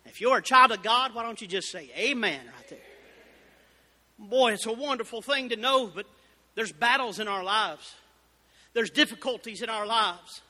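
A man preaching a fervent Baptist sermon, building up to shouted exclamations. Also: high-pitched, animated, moderate pace. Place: church sanctuary. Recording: reverberant church hall.

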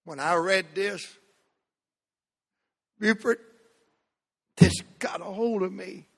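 A man from the American South preaching a sermon to a church, shifting between loud shouts and hushed, drawn-out phrases. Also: high-pitched, gravelly, breathy edge. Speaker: pastor. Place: church sanctuary. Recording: long hall reverb.

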